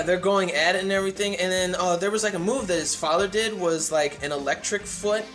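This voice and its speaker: Casual male reviewer, a bit high-pitched, loose and rambling delivery. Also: a bit bright. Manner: rambling, many "like" fillers and restarts. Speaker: manga chapter reviewer. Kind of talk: casual chapter review vlog.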